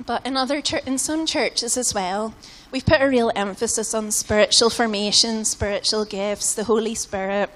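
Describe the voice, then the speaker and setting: A woman's voice: on the high side, normal speed, few pauses, a bit bright. A British woman preaching a sermon in a casual, conversational way, often saying "like" and "you know". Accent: British English. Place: church hall. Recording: long hall reverb in a church.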